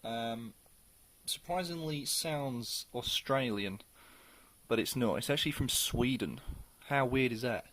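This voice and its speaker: A man's voice: medium pitch, unhurried, fairly bright tone, a little hiss or hum. A man talking casually through a beer review, rambling a little and full of ums. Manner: chatty and rambling, with many ums.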